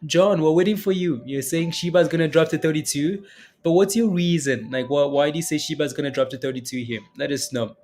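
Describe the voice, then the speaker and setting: A man's voice: fairly high pitch, a little fast, darkish tone, soft background music. A man casually chatting with his livestream audience about crypto prices, answering comments and often tagging his sentences with "right?". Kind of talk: casual chat reading live comments.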